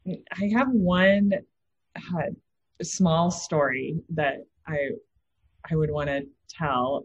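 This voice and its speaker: Low husky woman trainer. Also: lo-fi sound. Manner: anecdotal, with filler words. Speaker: empathy trainer. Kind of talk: casual podcast chat.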